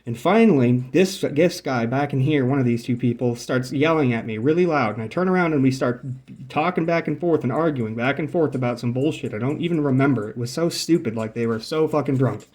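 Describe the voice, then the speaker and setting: Young man, casual storytelling, profane, acts out the dialogue, mid-pitched voice. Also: fairly quick, darkish tone. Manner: points out spots while telling. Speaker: vlogger.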